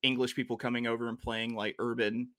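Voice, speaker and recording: Guy hosting a racing podcast, bright tense voice, jokey and rambling, dry close sound. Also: mid-range voice, flat delivery, a little fast, no echo. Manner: joking, rambling asides. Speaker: podcast host. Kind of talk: casual horse racing chat.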